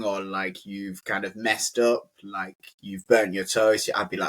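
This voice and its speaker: Chatty British man, lowish voice. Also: fairly even intonation, measured pace, hardly any pauses, fairly bright tone. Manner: chatty, lots of "like" fillers. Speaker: English teacher. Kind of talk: casual conversational lesson.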